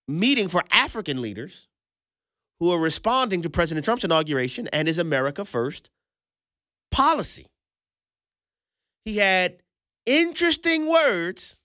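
A man's voice: a little high, fairly bright tone, dry recording, studio quality. A man hosting a political commentary show, playful and emphatic, repeating points and laughing often.

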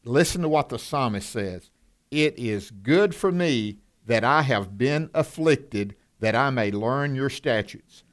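In a co-hosted Bible teaching, this man keeps things conversational and folksy, quizzing listeners and sometimes turning passionate. His mid-range voice has lively intonation, and he takes his time.

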